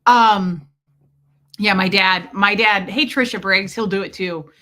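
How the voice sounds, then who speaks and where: A woman's voice: mid-range voice, a little slow, pushed and bright. A woman hosting a casual livestream, telling jokey stories and greeting viewers by name mid-sentence. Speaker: livestream host reading chat.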